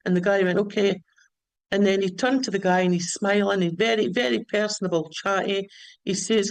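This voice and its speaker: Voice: mid-range voice, fairly even intonation, moderate pace, no room sound, low-quality recording. A caller telling a story at length, often restarting and repeating words, on a remote line. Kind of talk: rambling storytelling.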